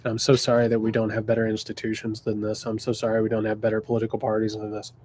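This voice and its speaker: A man's voice: fairly low pitch, completely flat delivery, rapid-fire, heavy background noise. A man hosting a political Q&A stream, talking bluntly and passionately, swearing and repeating phrases for emphasis. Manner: mocking voices when quoting others. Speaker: political commentator hosting a viewer Q&A. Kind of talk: casual livestream commentary.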